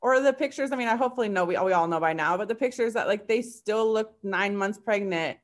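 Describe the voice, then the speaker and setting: A woman guest chats casually at a middle pitch. Her talk is loose and rambling, filled with little fillers as she works out her thoughts. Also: fast talker. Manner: chatty, with many fillers like "like". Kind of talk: casual chat.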